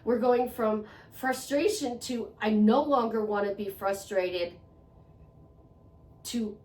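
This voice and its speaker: A self-help vlogger works through a motivational monologue, earnest and conversational, circling back to the same phrases to press her points. Her voice is on the higher side with a darkish tone, and she takes it slowly. The room is echoey, and she's set back from the mic.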